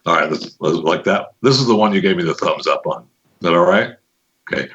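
A man's voice: low-pitched, animated, a little fast, a bit bright, lo-fi sound. A man hosting a podcast in a casual, joking way, chatting loosely and fiddling with his mic on air. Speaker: podcast host.

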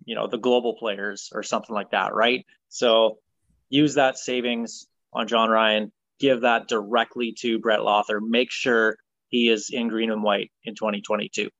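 A man's voice: fairly low pitch, normal speed, no echo, muffled recording. A man hosting a football talk show, chatting casually and firmly with fillers and opinions. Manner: relaxed, opinionated, many ums and uhs. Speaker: sports podcast host.

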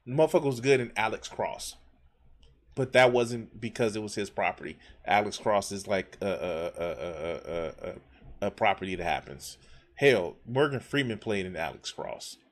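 A man's voice: fairly low pitch, expressive, normal speed. A man giving casual, blunt commentary while reacting to a podcast clip, with frequent swearing. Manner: blunt and profane.

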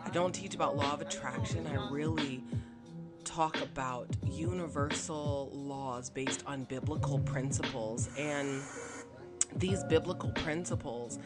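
A woman's voice: deep voice, unhurried, over loud music. A woman hosting her own podcast, talking alone in a chatty, upbeat way with plenty of fillers. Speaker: podcast host. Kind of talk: casual solo podcast monologue.

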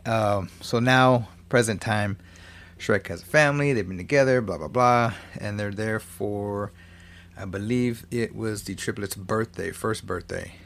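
A man's voice: lowish voice, measured pace, gravelly, a bit bright. A man retelling a cartoon film's plot in a loose, profane, casual way, often restarting his sentences. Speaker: movie recapper. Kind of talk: casual movie recap.

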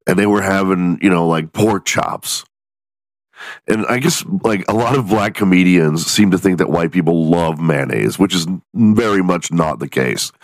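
A man from Texas hosting a podcast, ranting in a profane, animated way and acting out the people in his stories. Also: low voice, moderate pace, no room sound. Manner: profane, animated storytelling with mock voices. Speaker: podcast host. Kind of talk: casual comedic podcast rant.

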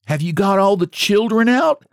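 A man voicing a shrill frantic countrywoman. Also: animated, moderate pace, creaky, no echo, clean studio sound. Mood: urgent. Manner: shrill, urgent country speech. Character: frantic woman raising fire alarm, stubborn.

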